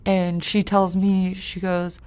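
A woman recounting a personal story in an interview, halting and hesitant with many fillers, her voice dropping quiet on painful parts and rising with anger. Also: lowish voice, level tone, clean tone. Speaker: interview guest.

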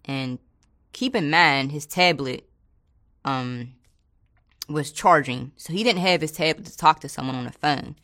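A woman's voice: deep voice, unhurried, long pauses, a bit bright. A woman, a former corrections officer, telling a story in a colloquial, casual way and acting out the people she quotes.

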